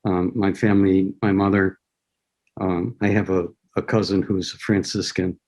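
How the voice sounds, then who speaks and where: A man's voice: low-pitched, little pitch movement, darkish tone. A man, a writer on a panel, recalling his family in a hesitant, reflective way on a video call. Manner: hesitant, full of pauses. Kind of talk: reflective conversation.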